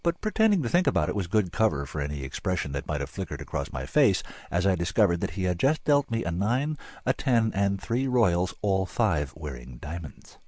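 A man's voice: sits low, sing-song, brisk, few pauses, darkish tone, no echo. A man narrating an audiobook in a dry, wry storytelling manner.

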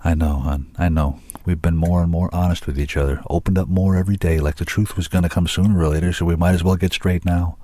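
Man doing a tired easygoing young dude, casual slang, low mellow voice. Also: steady tone, quick pace, hardly any pauses, no echo. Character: laid-back young man, weary and loose-talking.

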